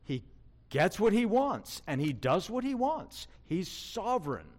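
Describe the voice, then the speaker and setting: A man's voice: high voice, very animated, unhurried, a little mellow. A male preacher giving an emphatic sermon, asking his listeners rhetorical questions.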